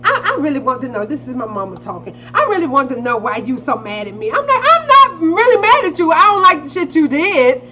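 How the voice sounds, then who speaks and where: A woman's voice: brisk, few pauses. A middle-aged woman telling a family story in casual chat, acting out the quotes and swearing freely. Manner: animated, acts out quotes with big pitch jumps. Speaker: podcast co-host. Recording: slightly dull lo-fi audio with faint hiss.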